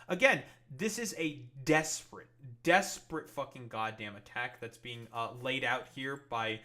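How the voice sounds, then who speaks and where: A man's voice: medium pitch, expressive, normal speed, hardly any pauses, bright, forceful tone. A man streaming political commentary, ranting angrily with heavy swearing and many fillers. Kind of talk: profane livestream commentary.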